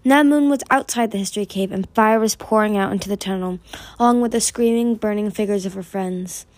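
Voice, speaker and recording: A woman's voice: mid-range voice, brisk, a little mellow, dry recording. A woman reading a young-adult fantasy novel aloud, lifting her voice for urgent dialogue. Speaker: audiobook reader. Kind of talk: fan audiobook reading.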